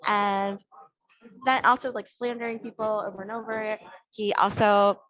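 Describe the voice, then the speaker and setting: Podcast guest, female, lively storyteller who acts out quoted dialogue. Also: medium pitch, normal speed. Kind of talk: casual storytelling.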